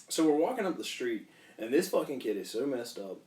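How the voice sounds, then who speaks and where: A man's voice: medium pitch, very animated, fast, fairly bright tone. Young man laughing through a wild story. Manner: laughing storyteller, swears freely. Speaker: podcast co-host telling a story. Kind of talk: casual podcast chat. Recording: echoey room, mic at a distance.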